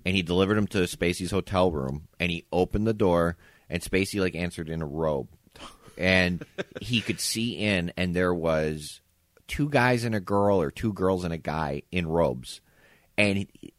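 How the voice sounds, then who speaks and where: A man's voice: deep voice, no echo, clean studio sound. A man co-hosting a podcast, telling a story in a casual chat over drinks at someone's home and acting out the quotes. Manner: animated storyteller, acts out quotes. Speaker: podcast co-host. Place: indoors, home.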